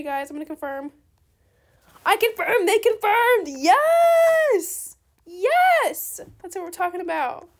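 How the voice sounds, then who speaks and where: A young woman giving chatty, excitable commentary on her own game trades, talking straight to her viewers. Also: extremely high pitch. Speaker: gaming video creator. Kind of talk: casual gameplay commentary.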